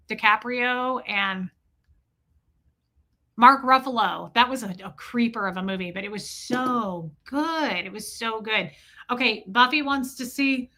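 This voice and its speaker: A woman hosts a casual livestream, talking loosely to her viewers and reading their names and comments aloud. Her voice sits a little high with a bright, forward edge. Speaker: livestream host. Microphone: streaming setup mic.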